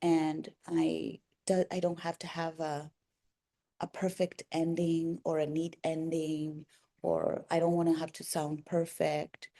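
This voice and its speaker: Slow, gravelly, soft-spoken woman. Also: low voice, flat delivery. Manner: halting, pausing and restarting, soft-spoken and earnest. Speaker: vlogger. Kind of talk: personal reflective vlog.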